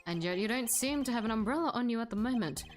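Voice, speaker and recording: A woman's voice: on the high side, lively intonation, fast talker, faint music behind, close to an everyday voice. Edgeworth, read by a woman, a cool formal prosecutor. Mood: composed.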